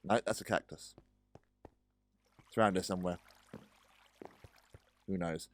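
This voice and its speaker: A low-voiced man chats his way through a building game, with frequent ums and asides to his pets. The sound is dry and close, with no room around it. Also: fairly even intonation, normal speed, fairly bright tone, no room sound. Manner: chatty, talks to pets, hesitant with many ums. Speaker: gaming video host. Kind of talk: casual game commentary.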